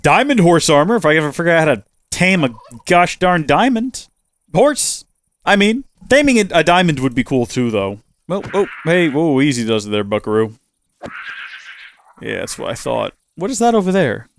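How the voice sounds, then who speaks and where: A man's voice: on the high side, normal speed. A man hosting a gaming channel, giving let's play commentary and exclaiming and talking to himself as he plays. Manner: animated, exclaims and talks to himself while playing.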